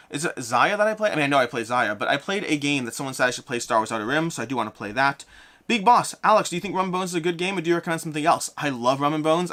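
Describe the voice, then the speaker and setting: Man, 30s, live stream host, casual Q&A, rambling and self-correcting, slightly high voice. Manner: chatty, thinks out loud, repeats and corrects himself. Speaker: board game content creator hosting a live Q&A. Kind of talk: casual live-stream Q&A, reading chat questions aloud.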